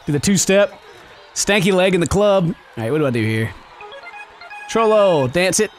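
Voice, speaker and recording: A man giving excited let's-play commentary, giggling, yelping and shouting as he plays. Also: sits high, slow, long pauses, soft background music. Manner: giggly, exclamatory, yelps and shouts. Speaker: gaming video host.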